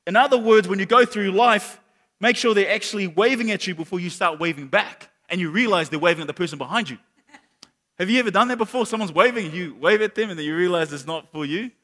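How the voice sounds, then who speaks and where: High-voiced New man preaching. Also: fast talker, long reverb tail. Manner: animated storytelling with acted-out quotes and repeated words. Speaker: pastor. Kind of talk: sermon.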